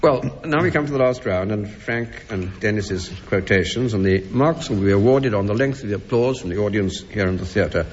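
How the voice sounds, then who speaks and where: Male panel-show host, brisk dry delivery, muffled old radio sound with faint hiss. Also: on the low side. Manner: brisk, dry scoring remarks. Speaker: quizmaster. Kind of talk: hosting a radio panel game. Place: theatre stage before an audience. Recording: old lo-fi radio broadcast with hall reverb.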